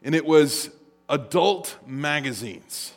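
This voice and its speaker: A man preaching a sermon, telling stories in an animated way and acting out the voices. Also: on the high side, slow. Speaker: pastor. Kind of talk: sermon with storytelling. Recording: long hall reverb.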